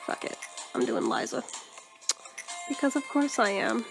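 A woman riffing on a game as she plays, sarcastic and profane, with a high voice. She mocks the game freely and laughs a lot. Faint game music plays behind her. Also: wildly swooping pitch, a little slow, gravelly, long pauses. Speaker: gaming video host. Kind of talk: let's play commentary.

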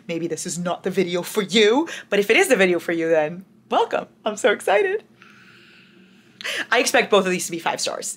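Gravelly-voiced young woman gushing over books. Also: lowish voice. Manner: gushing, dramatic, talks straight to viewers. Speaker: book vlogger. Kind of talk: casual chatty reading vlog.

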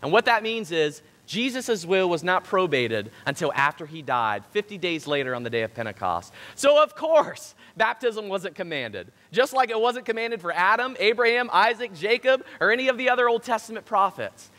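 A high, lively male preacher delivers a sermon with emphatic stress, his voice bright and ringing. The sound carries a long reverb from the church hall around him. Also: moderate pace, few pauses. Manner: emphatic, rising and falling for stress. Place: church sanctuary.

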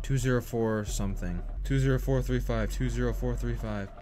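A man's voice: medium pitch, fairly even intonation, normal speed, music in the background. A man giving casual commentary on a video game, hyped and talkative, rallying his viewers and goofing around. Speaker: gaming streamer.

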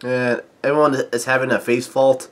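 A man recapping and commenting on a comic chapter in a casual, halting way, with lots of filler sounds and restarts, reading quoted lines mostly flat. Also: medium pitch. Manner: halting, stop-start delivery with frequent filler sounds. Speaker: manga chapter reviewer.

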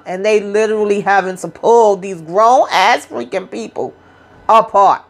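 Retelling reality TV scenes for her YouTube recap, this woman is blunt and swears freely, performing the quotes herself. She speaks at a medium pitch and normal speed.

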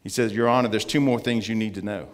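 A man giving an earnest testimony as a guest speaker in church, slowing down to stress his points. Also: fairly low pitch, steady tone. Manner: earnest storytelling, slowing for emphasis. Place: church sanctuary. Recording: long church reverb.

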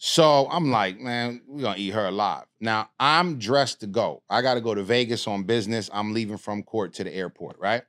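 A man's voice: lowish voice, moderate pace, few pauses. A middle-aged man, telling a story in a casual podcast chat, streetwise and profane. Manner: animated, streetwise storytelling with swearing. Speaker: podcast guest.

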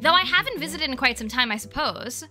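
A woman's voice: high-pitched, expressive, fast, sharp tone, soft background music, heavily acted. A woman reading game dialogue aloud, voicing a theatrical, genteel male cat who guides a tea house.

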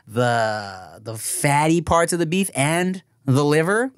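A man's voice: a little high, animated, slow, clean tone, dry recording, clean studio sound. A male podcast co-host in casual chat, rambling with lots of fillers and giggles.

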